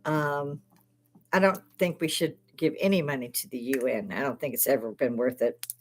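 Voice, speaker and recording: An older woman speaks in an extremely low voice at a normal speed. She hosts a casual livestream from her bar, swearing freely and often breaking into laughter.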